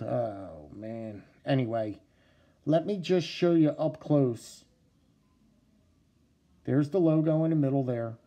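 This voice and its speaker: A man with a New Jersey accent, talking casually to camera about his knife collection, halting with many fillers and restarts. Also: medium pitch, dark tone.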